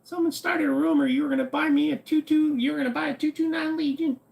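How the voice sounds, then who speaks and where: A man voicing a bratty little boy from the 1940s, whiny and squeaky. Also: fairly even intonation, fast talker, gravelly, a little mellow, heavily acted. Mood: teasing.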